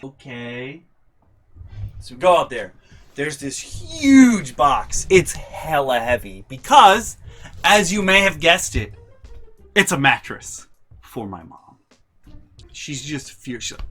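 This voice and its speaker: A young man telling a comic storytime vlog with animated, profane, exasperated delivery. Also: mid-range voice, takes it slowly. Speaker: vlogger.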